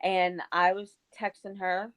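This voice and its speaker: A woman's voice: medium pitch, flat delivery, unhurried, clean tone, poor audio. A woman co-hosting a casual chat show, telling a long personal story with many fillers. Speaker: co-host.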